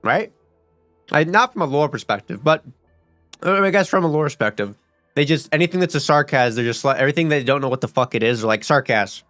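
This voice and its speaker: A man's voice: on the high side, lively intonation, quick pace, a bit bright, no room sound, soft background music. Rambling, profane young man gaming. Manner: rambling and profane, with many fillers and restarts. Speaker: gaming streamer. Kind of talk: casual gaming commentary.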